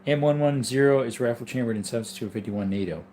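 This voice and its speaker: A man's voice: mid-range voice, fast talker, warm tone, a little hiss or hum. A man hosting a casual livestream, reading viewer chat and answering in an easygoing, rambling way while sleepy and yawning. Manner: rambling, easygoing, with frequent ums and asides.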